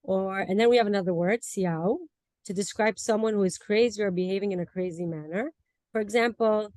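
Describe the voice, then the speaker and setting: A woman's voice: mid-range voice, brisk, a little mellow, dry recording. A woman giving a class presentation over a video call, explaining word meanings and examples and laughing now and then. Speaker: student presenter.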